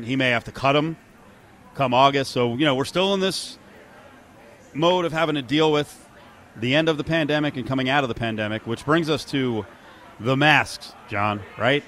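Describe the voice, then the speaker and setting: A man hosting a casual talk radio show, animated and joking. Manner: animated, mocks quotes in high voices, laughs.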